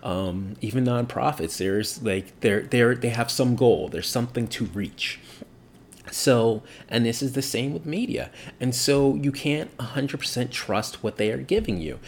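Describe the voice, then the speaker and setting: A man's voice: mid-range voice, unhurried. A man talking casually about his opinions, rambling, full of fillers and restarts, and swearing bluntly.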